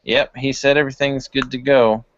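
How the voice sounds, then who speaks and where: A man's voice: mid-range voice, level tone, a little fast, no room sound. Easygoing male tabletop player. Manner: easygoing, hesitant. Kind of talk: casual game chat. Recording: dull dry lo-fi recording.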